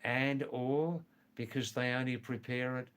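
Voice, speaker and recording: An older man from England and Australia hosts a casual livestream, reading viewer messages, greeting people by name, teasing them and repeating words for emphasis. His medium-pitched voice is steady, a little slow and a bit bright, with slight background noise.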